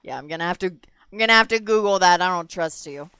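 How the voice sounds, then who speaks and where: A woman streamer chatting casually during a survival game, loud and teasing. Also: lowish voice, quick pace, smooth, no room sound. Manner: loud, teasing, bursts into laughter. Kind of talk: casual gameplay chat.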